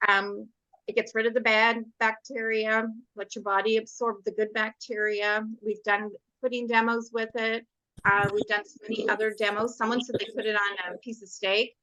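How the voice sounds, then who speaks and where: A bright, forceful woman on a casual group call, upbeat and enthusiastic. Her pitch sits a little high, and the audio is dull and dry like lo-fi call sound. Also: no room sound. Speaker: participant on a product call.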